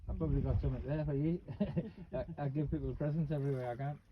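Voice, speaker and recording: A man's voice: on the high side, fast, lo-fi sound, noisy background. Rambling Geordie man telling stories. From Newcastle, England. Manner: rambling, animated storyteller acting out quotes. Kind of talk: casual chat, storytelling.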